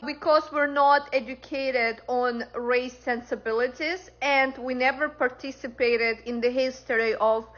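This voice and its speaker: High-voiced woman explaining plainly. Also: fairly bright tone, dull audio. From Russia. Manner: matter-of-fact, explanatory. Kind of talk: explaining to camera.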